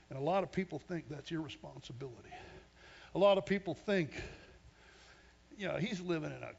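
A man from Western Pennsylvania preaching an energetic sermon. He is emphatic, calls out for amens and laughs at himself. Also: fairly high pitch, fairly quick, gravelly, long pauses, husky, highs cut off. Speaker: pastor.

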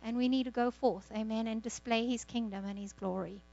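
A woman's voice: fairly high pitch, steady tone, brisk, vocal fry, mellow, dull audio. A woman pastor exhorting a congregation and praying, fervent, repeating words and saying amen often. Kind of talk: church exhortation and prayer.

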